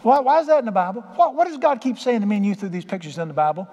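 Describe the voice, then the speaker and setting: A man's voice: high-pitched, lively intonation, racing, a little mellow, long reverb tail. A middle-aged man preaching a sermon, telling stories in a folksy, emphatic way with plain colloquial speech. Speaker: pastor.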